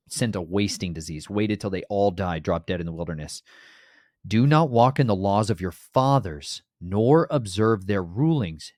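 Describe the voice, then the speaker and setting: A man giving a casual, animated Bible teaching who talks straight to listeners and acts out the voices he quotes. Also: on the low side, no echo, studio quality.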